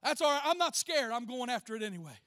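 Preacher, very high bright voice, call-and-response sermon in church. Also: male voice, sing-song, fast talker. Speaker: pastor.

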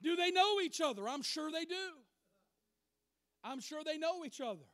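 High-voiced emphatic male preacher. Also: animated, normal speed, dry recording. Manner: emphatic, swings from loud declarations to quiet asides. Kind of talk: sermon.

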